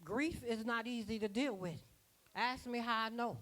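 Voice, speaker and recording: A woman's voice: a little high, moderate pace, a bit bright. A woman preaching a sermon at a church conference, folksy and rhythmic, with plain dialect grammar. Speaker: apostle preaching.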